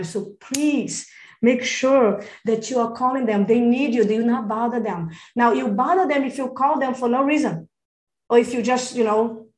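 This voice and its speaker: A woman gives an emphatic live coaching talk over a video call, pushing her points hard and turning to attendees by name. Her voice sits fairly high for a woman. The sound is roomy and echoey. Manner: energetic, emphatic, calls attendees by name and "darling"; acts out phone calls and client dialogue. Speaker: real estate business coach.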